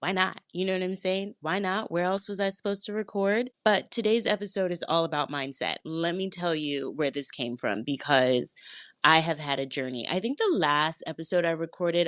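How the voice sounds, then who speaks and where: A woman hosting a podcast in a casual, chatty monologue from a hotel bedroom, playful and upbeat with sudden leaps in pitch. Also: fairly bright tone, no echo, clean studio sound. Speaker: podcast host.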